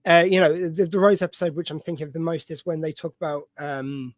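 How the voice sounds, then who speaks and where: A man's voice: on the high side, fairly even intonation, brisk, no room sound. A man hosting a live stream, chatting casually with many fillers and side tangents. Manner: rambling, digressive, many fillers and restarts. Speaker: podcast host.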